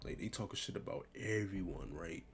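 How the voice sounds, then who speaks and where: Young man, low voice, gravelly fry, slangy rambling commentary, faint music underneath. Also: moderate pace. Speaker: commentator ranking a tier list. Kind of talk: casual commentary.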